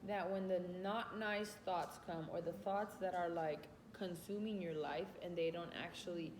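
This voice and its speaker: In a relaxed self-help talk, this vlogger recounts classroom conversations, speaks to her dog, and addresses listeners as honey and baby. Her mid-range voice is a little mellow, with slight background noise and room echo.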